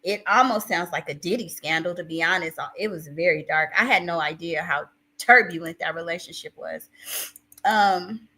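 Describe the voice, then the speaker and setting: A woman hosting a casual live stream, with a bright, forward voice. She talks with open emotion and rambles through restarts, and she reads her viewers' chat aloud as she goes. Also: lowish voice, moderate pace, poor audio. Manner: emotional, self-described crier, rambling restarts.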